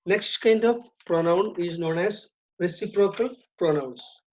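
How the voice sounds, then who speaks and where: A woman teaching an English grammar lesson, speaking deliberately, repeating and stressing key terms. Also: fairly low pitch, darkish tone. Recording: dull lo-fi recording.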